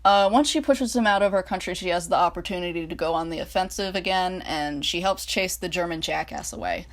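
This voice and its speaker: A woman's voice: on the low side, brisk. A woman reading a fan-written story aloud, then chatting casually and self-mockingly about her ideas, with many fillers. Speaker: storyteller and fan video maker.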